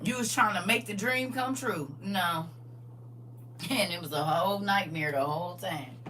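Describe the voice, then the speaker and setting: A woman hosting a casual livestream, reading viewer comments aloud and preaching in a lively way with frequent laughs. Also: on the low side, moderate pace, distant mic, a little hiss or hum. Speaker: livestream host.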